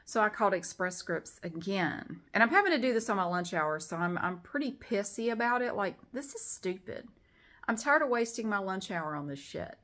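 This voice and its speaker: A middle-aged woman, talking casually to the camera at home and telling an exasperated, animated story. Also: medium pitch, moderate pace. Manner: exasperated, animated retelling with acted-out quotes. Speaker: vlogger.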